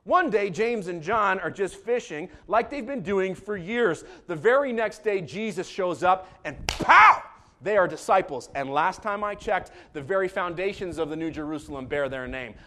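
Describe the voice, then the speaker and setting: Joking, animated preacher man. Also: high voice, moderate pace. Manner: animated and joking, swings between calm asides and loud bursts. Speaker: pastor. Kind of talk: sermon.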